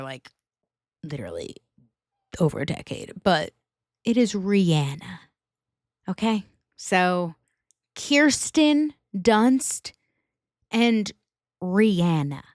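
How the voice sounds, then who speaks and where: A woman with a US Northeastern accent hosting a casual pop-culture podcast, talking in an animated, emphatic way and swearing freely. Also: mid-range voice, clear, resonant tone, dry recording, studio quality. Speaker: podcast host.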